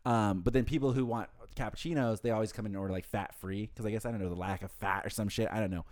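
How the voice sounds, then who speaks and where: A young man talks fast and loose in a casual chat. He rants with lots of swearing about his work behind a coffee counter. He slips into quick voices to act out his customers. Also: fairly low pitch, steady tone, a little mellow. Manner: fast, profane ranting, acts out customers. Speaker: podcast co-host, barista.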